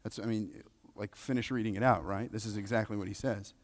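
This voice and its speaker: A man preaching a sermon, emphatic, repeating key phrases and swinging between loud and soft. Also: on the low side, steady tone, brisk. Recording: long reverb of a large hall.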